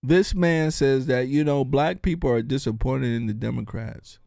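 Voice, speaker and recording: A man's voice: mid-range voice, moderate pace, gravelly, darkish tone, no echo. A man hosting his own show, delivering a mocking, jokey political commentary monologue. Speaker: show host.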